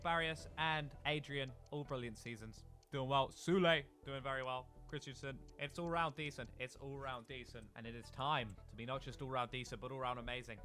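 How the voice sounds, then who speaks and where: A young man giving swearing, excitable commentary while playing a football video game, swinging from loud outbursts to quiet muttering. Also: medium pitch. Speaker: gaming YouTuber.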